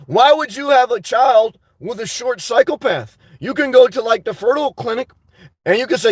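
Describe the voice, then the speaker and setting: A man's voice: extremely high pitch, expressive, a little fast, no room sound. A man hosting a livestream, talking off the cuff as he reads chat, blunt and crude and full of restarts. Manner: rambling and off-the-cuff, with frequent restarts. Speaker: livestream host reading chat. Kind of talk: casual live-chat talk.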